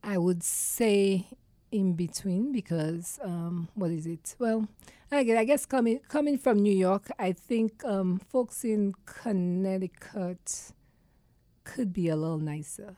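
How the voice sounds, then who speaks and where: A woman's voice: medium pitch, takes it slowly, mellow, dry recording. A woman from Saint Lucia, a guest on a podcast, chatting casually and laughing often as she acts out little scenes. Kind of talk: casual chat.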